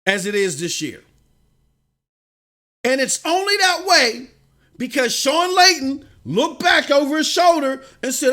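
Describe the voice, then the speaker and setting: A man hosting a gaming news live stream, ranting casually with slang, swinging from low muttering to shouting. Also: very animated, a little slow, long pauses.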